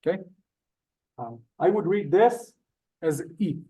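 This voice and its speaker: A man's voice: sits high, animated, takes it slowly, warm tone, slightly rough. Polite young-sounding male Hebrew teacher. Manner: polite, says "sir" often, chatty. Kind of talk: live beginner language class. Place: synagogue classroom, also streamed on Zoom.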